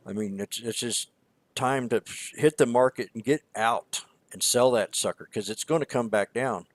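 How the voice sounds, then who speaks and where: A man's voice: on the low side, no room sound. A man co-hosting a trading show, talking in a rambling, emphatic way with many repeated words. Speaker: stock trading show co-host. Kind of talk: casual market commentary.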